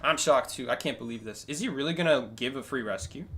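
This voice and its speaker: Talking fast in a medium-pitched voice, this man streams his gameplay live and narrates it himself. As a gaming streamer, he keeps things animated, cracking jokes and chatting with his viewers.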